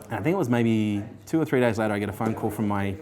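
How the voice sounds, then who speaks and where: A man in his forties, a guest in an interview, telling his life story casually, animated and swearing freely while acting out what others said. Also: lowish voice, quick pace. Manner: animated, swears freely, acts out quoted people.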